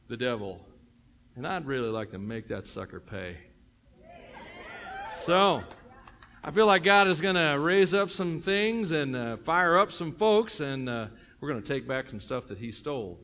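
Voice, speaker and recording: A man's voice: medium pitch, animated, normal speed, a bit bright. A middle-aged man with a Tennessee accent, a pastor preaching a sermon in a joking, conversational way with many fillers and restarts.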